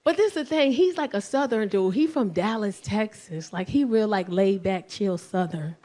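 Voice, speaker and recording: A brash woman in her forties with a New York accent, telling a profane stand-up set with loud bursts. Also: mid-range voice, lively intonation, normal speed. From South Bronx, New York. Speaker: stand-up comedian.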